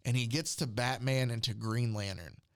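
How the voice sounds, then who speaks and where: A man's voice: mid-range voice, moderate pace. A man in casual chat, recapping a comic story and quoting its characters along the way. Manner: retells scenes and quotes characters in passing. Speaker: podcast co-host recapping a comic.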